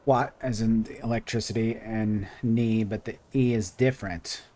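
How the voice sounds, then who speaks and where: A man's voice: fairly low pitch, fairly even intonation, normal speed, dark tone. A man streaming a video game, chatting casually with viewers and thinking aloud as he plays. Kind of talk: casual gaming commentary.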